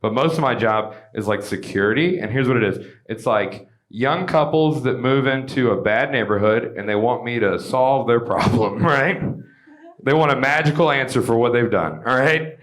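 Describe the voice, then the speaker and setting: A young man from Georgia doing a stand-up comedy set on stage, animated, with shouted bits and quick asides. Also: mid-range voice. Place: comedy stage with a live audience.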